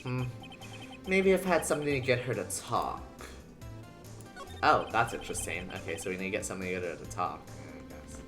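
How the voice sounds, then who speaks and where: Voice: low-pitched, animated, normal speed, a bit bright, faint music behind. A streamer giving casual commentary while playing a game, chatty and joking in reaction to the story.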